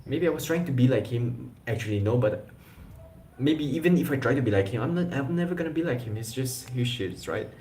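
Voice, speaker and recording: A man's voice: mid-range voice, lively intonation, brisk, darkish tone, slight background noise. A young man chatting casually on a live stream, rambling with slang and restarts. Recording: echoey room.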